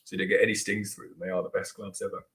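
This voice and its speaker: A man with a notably low voice talks loosely and conversationally as host of a live viewer Q&A. He rambles, restarts sentences and leans on "like" as a filler. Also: flat delivery, racing, fairly bright tone, low-quality recording. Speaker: beekeeper host answering viewer questions. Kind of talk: casual live Q&A chat.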